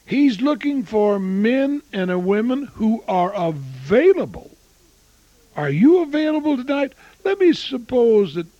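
An older man preaching an evangelistic sermon and telling his own testimony, swinging between booming and hushed. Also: creaky, no echo, lo-fi sound.

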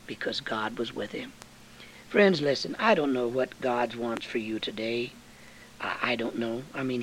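An older man preaching a sermon in folksy, homespun phrasing, swinging from low, quiet stretches to loud, high-pitched bursts. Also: breathy edge, rough recording.

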